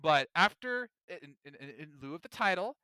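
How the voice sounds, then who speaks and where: A man co-hosting a podcast, talking in casual chat with animated, emphatic ranting. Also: sits high, moderate pace, clean tone, no echo. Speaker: podcast co-host.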